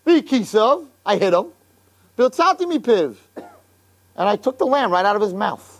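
Brief: male religious teacher, high and very animated, telling a story to a class. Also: measured pace, pauses often. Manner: lively, colloquial, mixes in Hebrew and Yiddish terms. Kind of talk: animated Bible storytelling lesson.

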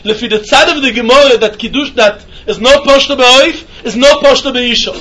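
A man teaching a Talmud lesson in a yeshiva style, with an animated singsong delivery. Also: extremely high pitch, moderate pace. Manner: animated singsong, mixing Yiddish and Hebrew terms.

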